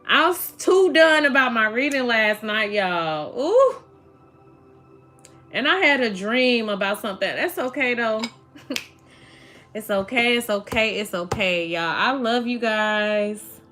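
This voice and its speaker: Woman tarot reader, chatty livestream talk, slightly high voice, faint music behind. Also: expressive, slow pace, bright, forceful tone. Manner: chatty, laughs often, addresses viewers as y'all. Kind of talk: casual livestream chat.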